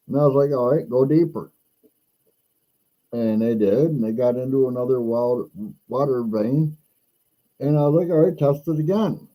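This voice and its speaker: A middle-aged man hosting a casual chat, telling a rambling story and acting out the other people's lines. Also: low-quality recording. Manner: animated, acts out quoted voices higher; rambling with restarts. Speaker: podcast host.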